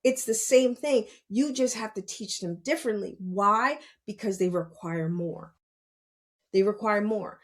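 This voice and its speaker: A woman's voice: medium pitch, measured pace. A middle-aged woman talking casually on a podcast as a parent, earnest and repeating her points for emphasis. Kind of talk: casual talk.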